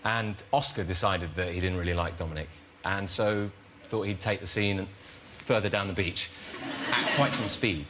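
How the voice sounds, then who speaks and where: A man's voice: low-pitched, normal speed. A man, a chat show guest telling an amused story about a film shoot. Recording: noisy studio recording.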